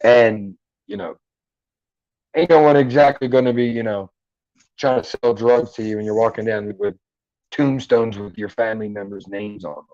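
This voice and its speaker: A man's voice: on the low side, steady tone, normal speed, a little mellow, no room sound, lo-fi sound. Joking, profane man hosting a livestream. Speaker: livestream host. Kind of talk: casual chat reading live comments. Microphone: headphones and mic at a computer.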